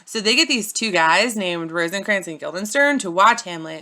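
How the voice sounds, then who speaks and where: A woman's voice: medium pitch, expressive, moderate pace, sharp tone. A young woman narrating a playful, silly retelling of a classic story, with casual slangy asides.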